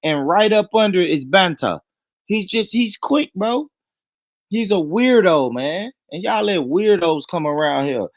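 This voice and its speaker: An American man co-hosting a livestream, loud and teasing, laughing often in casual banter. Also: high-pitched, expressive, a little slow, no room sound. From United States. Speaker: stream co-host.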